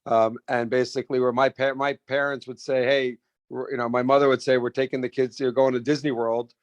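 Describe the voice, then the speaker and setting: A middle-aged man telling stories in a casual interview, animated, with many restarts and repeated words. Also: medium pitch, brisk, no echo. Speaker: restaurant founder and guest.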